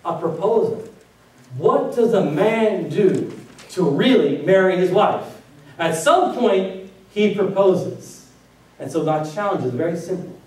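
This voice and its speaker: A man delivers a sermon, pressing his listeners with one rhetorical question after another. His voice sits a little high for a man and sounds a touch far from the mic. It rings through a very echoey church hall. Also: expressive, slow pace, a little mellow. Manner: preaching with many rhetorical questions. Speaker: pastor. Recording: very echoey room, voice from a distance.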